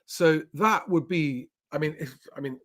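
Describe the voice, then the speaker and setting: A man's voice: fairly high pitch, measured pace, fairly bright tone. A man hosting his property channel live, rambling and chatty as he runs through the week's news. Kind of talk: casual live commentary.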